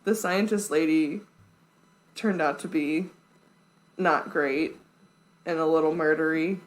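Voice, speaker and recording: A woman's voice: sits low, fairly even intonation, slow, rough recording. A woman co-hosting a podcast in casual chat, talking loosely with lots of "like" and dry quips. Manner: chatty, peppered with "like", dry quips. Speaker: podcast co-host.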